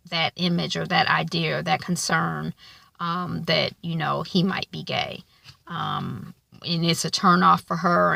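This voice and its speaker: A woman's voice: lowish voice, vocal fry, pushed and bright, no echo. A woman giving a casual spoken recap of a TV episode, chatty and loose, with many filler ums. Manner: colloquial, loose grammar. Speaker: TV episode reviewer.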